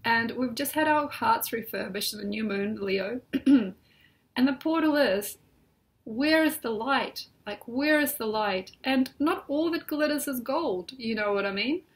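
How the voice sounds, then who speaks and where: A woman's voice: fairly high pitch, a little slow. A woman astrologer talking casually and reflectively from her bed at home, rambling with many "like" and "you know" fillers. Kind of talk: casual spoken astrology talk.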